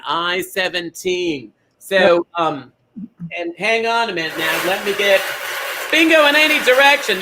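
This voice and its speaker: Campy, chatty bingo host, male, pitched high with a sharp brightness. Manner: chatty, scattered, jokey. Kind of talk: campy live bingo calling and chat.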